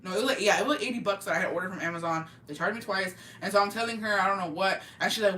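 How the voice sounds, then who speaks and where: A young woman from Oaxaca, Mexico, chatting casually and profanely with her live-stream viewers in an animated, slangy way. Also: medium pitch, fast, hardly any pauses, a little hiss or hum. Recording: roomy, mic at a distance.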